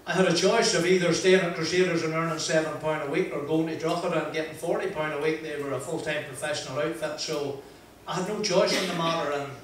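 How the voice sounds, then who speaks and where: An older man with a broad Northern Irish accent tells a funny story to a crowd, his voice sitting a little high for a man. He sounds a long way from the mic, and his words ring around a big echoey hall over faint noise. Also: fast, hardly any pauses, far from the mic. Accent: Northern Irish, Ballymoney. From Northern Ireland. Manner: broad, lively anecdotal delivery, acting out dialogue. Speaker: motivational speaker. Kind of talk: humorous storytelling speech. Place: event venue with audience.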